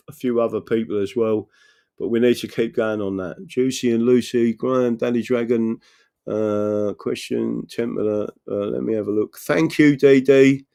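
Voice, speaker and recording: A man's voice: medium pitch, vocal fry, warm tone. A man hosting a live political stream, rambling earnestly, often asking "right?" and reading out viewer messages. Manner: reads out and answers viewer messages. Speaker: political livestream host.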